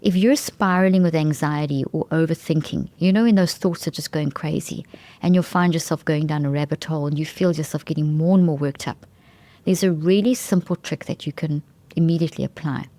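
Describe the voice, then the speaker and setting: A woman's voice: low voice, a little fast, warm tone, dry recording. A woman hosting a talk show, explaining brain science in an enthusiastic, emphatic way and often restarting phrases mid-sentence. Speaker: podcast host.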